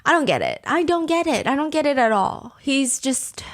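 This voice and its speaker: A woman recaps a story in a lively, casual way, laughing often and dropping the odd swear word. Her voice sits a little higher than most. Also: normal speed. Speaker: host.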